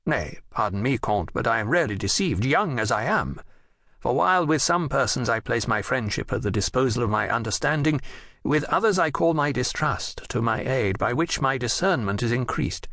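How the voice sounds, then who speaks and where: A man voicing a firm, gravelly young king. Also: medium pitch, animated, moderate pace, pushed and bright, no echo, clean studio sound. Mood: commanding. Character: young male king, firm and self-assured.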